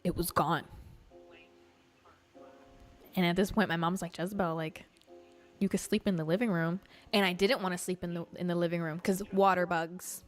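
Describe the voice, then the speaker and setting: A young woman hosting a casual livestream, telling stories in an animated, chatty way full of fillers and swearing. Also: lowish voice, a little fast, faint music behind. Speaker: livestream host.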